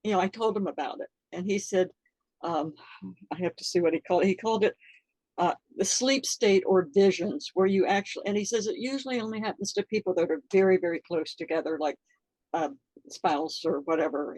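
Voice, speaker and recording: An older woman telling a personal story in an interview, halting and earnest, with many fillers, close to tears. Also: fairly low pitch, darkish tone, no room sound, low-quality recording. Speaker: interview guest.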